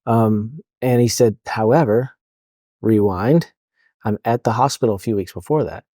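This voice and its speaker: Male counselor guest, mellow dark tone, casual, halting speech full of "um" and "like". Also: on the low side, no echo, clean studio sound. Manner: halting, full of fillers and restarts. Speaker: counselor for police officers. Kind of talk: casual podcast interview.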